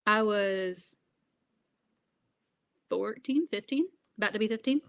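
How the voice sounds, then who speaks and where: A young woman in an interview who talks earnestly in a middle pitch. She laughs often and leans on fillers as she goes. Her delivery is candid and steady. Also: takes it slowly. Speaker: guest. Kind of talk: interview conversation.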